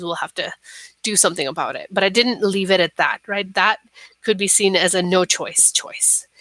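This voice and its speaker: A woman delivers a recorded staff training lecture in a calm, instructive way, often pausing to ask "right?". Her pitch sits in an ordinary middle range, and the sound is dry and close with no room echo.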